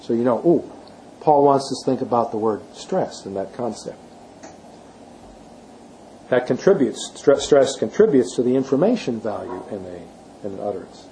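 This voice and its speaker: A man with a warm, mellow voice teaches a class, explaining step by step. He leans on key words for emphasis and keeps asking his listeners rhetorical questions. A faint hum of room noise sits behind him. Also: mid-range voice, expressive, moderate pace, long pauses, rough recording. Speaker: Bible teacher. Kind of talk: classroom lecture.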